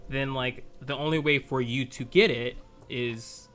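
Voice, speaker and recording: A man's voice: mid-range voice, fairly even intonation, a little slow, a bit bright, soft background music. A man co-hosting a podcast in casual chat, explaining his views and thinking aloud with many restarts. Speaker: podcast co-host.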